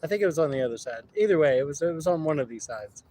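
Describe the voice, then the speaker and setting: A man's voice: on the high side, animated, racing, dark tone, slight background noise, rough recording. A man casually telling rambling, laughing stories outdoors on a river, swearing freely. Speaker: vlogger. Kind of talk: casual storytelling while kayaking.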